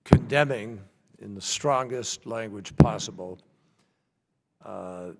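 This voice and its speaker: A man, a government official, giving formal testimony at a hearing, measured and pausing often to restart his thoughts. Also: medium pitch, animated, very noisy. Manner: measured, with frequent hesitations and restarts. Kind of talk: formal testimony answering questions. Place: large hearing room. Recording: long reverb from a large hall.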